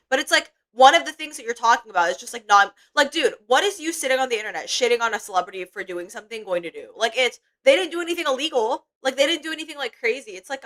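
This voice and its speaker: Young woman streamer, bright slightly high voice, rambling, profane, filler-heavy casual chat. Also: rough recording. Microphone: desk mic while eating.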